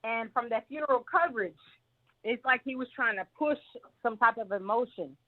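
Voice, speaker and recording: Lady caller on a tinny phone line, a bit high-voiced, rambles on with her opinions. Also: normal speed. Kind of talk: call-in opinion.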